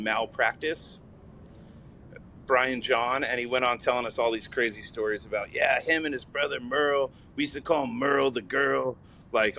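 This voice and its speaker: A man with an ordinary mid-range voice tells relaxed, loose anecdotes in a casual podcast chat. A faint low rumble runs behind him.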